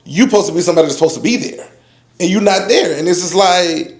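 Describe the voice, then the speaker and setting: This roundtable guest is a fast-talking man in his forties with a high voice. He rambles casually and often says "you know what I'm saying," and the room is echoey.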